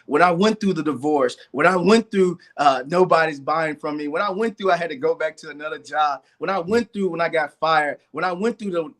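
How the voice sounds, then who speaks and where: Middle-aged guy, kinda high voice, earnest, repeats himself, piles up the hard times. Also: brisk, hardly any pauses, fairly bright tone. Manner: earnest, repeats phrases, builds lists of hardships. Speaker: guest entrepreneur. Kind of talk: candid personal story in a live interview.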